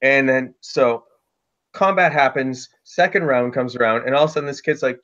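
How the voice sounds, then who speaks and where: A man telling a casual story about running a tabletop game, loose and lively, with lots of "like" fillers. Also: medium pitch, moderate pace, highs cut off. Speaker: dungeon master guest.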